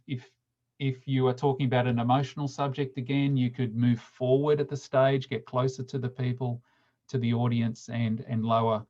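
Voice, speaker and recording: At a committee meeting, a man with a medium-pitched, slightly mellow voice gives public speaking tips, often repeating words and restarting phrases. He slows down sharply to demonstrate emphasis in this instructional talk, and the recording sounds muffled.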